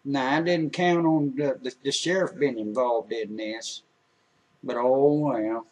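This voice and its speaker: A man telling an emotional personal story in an earnest, halting way, with many restarts. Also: medium pitch, darkish tone, recorded from a distance, poor audio.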